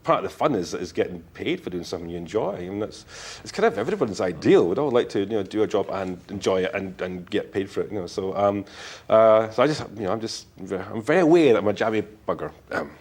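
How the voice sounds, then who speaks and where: A man's voice: fairly low pitch, animated, fast, darkish tone, breathy edge. A middle-aged Scottish man, an author being interviewed, talking frankly in a rambling way with many fillers and restarts. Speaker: author guest. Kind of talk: casual interview talk.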